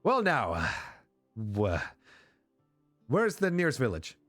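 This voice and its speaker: A man's voice: medium pitch, huge pitch swings, takes it slowly, a bit bright, soft background music, exaggerated voice. A man voicing an eager, fumbling traveling merchant in a tabletop game, with hesitant sales patter full of ums. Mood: chirpy.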